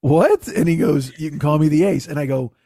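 A man's voice: on the high side, fairly even intonation, quick pace, vocal fry, warm tone, dry recording, studio quality. A man telling a casual, profane story in his own voice. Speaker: podcast host telling a story.

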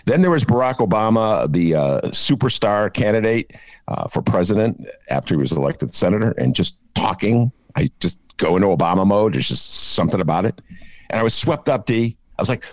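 A middle-aged man co-hosting a casual political chat, self-mocking and swinging between low mumbles and excited high bursts. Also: dry recording. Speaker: podcast co-host.

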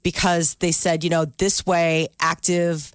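A woman's voice: lowish voice, flat delivery, measured pace, no echo, studio quality. A woman co-hosting a morning radio show, reading news items in casual banter and laughing easily.

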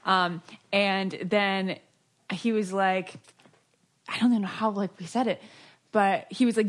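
A woman's voice: mid-range voice, fairly even intonation, a little slow, pauses often. A woman co-hosting a podcast, telling a story in casual chat. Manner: storytelling, quoting others. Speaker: podcast co-host.

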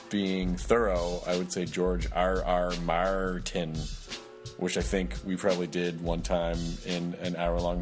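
A male podcast host rambles through a sponsor read and intro, joking and dropping fillers. His voice sits low. Soft music plays faintly underneath. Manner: rambling, jokey, full of fillers.

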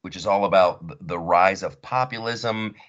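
A man's voice: low voice, moderate pace, a bit bright, muffled recording. A man hosting his podcast in a rambling, joking, chatty way. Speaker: podcast host. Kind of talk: casual chat.

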